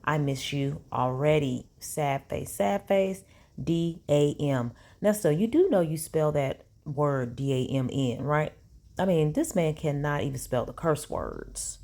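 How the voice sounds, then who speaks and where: A woman's voice: low-pitched, expressive, a little slow, mellow. A woman reads text messages aloud and breaks in with sassy, incredulous asides as a commentary vlogger.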